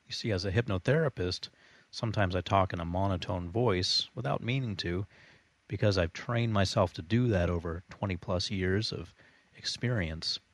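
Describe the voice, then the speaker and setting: A man working as a hypnotherapist, giving a calm, deliberate lesson on self-hypnosis. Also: deep voice, no echo. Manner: calm, deliberate, demonstrates voice changes. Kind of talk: instructional talk on self-hypnosis.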